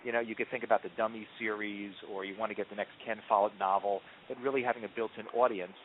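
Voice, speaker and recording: A man with a lowish voice tells his story with lots of ums and false starts, as if chatting about his work. The sound is thin and tinny, like a phone line, with a faint hiss underneath. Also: fast talker. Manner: animated storyteller, frequent ums and restarts. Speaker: marketing executive guest. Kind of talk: conversational interview answers.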